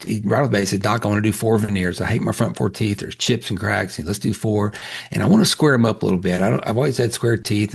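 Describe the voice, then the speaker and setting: A man's voice: fairly low pitch, creaky, slightly rough. A male dentist giving a webinar lecture, telling candid patient stories in a conversational way with frequent restarts.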